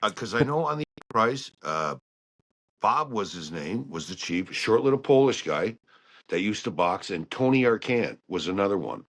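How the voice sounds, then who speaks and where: A man telling stories about working on ships in a casual, animated way. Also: on the low side, normal speed. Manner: animated storyteller who acts out quotes. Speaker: guest, ship engineer. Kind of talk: casual storytelling chat.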